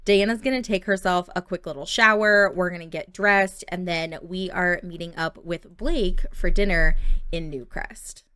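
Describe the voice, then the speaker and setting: A woman's voice: on the low side, a bit bright, no room sound, studio quality. A young woman giving chatty, playful commentary while playing a life-sim game. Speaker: gameplay video host. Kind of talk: casual gameplay commentary.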